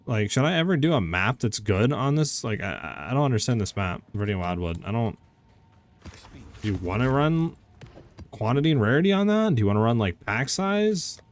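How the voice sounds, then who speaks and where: A man's voice: medium pitch, very animated, fairly quick. A young man streaming a game, chatting casually and answering chat questions with lots of "like" fillers. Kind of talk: casual live-stream commentary.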